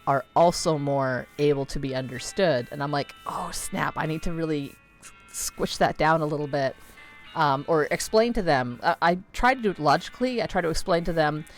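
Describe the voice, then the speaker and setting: A woman's voice: low-pitched, normal speed, faint music behind. A woman in her thirties chatting casually while playing a video game, rambling with lots of fillers and easy swearing. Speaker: streamer.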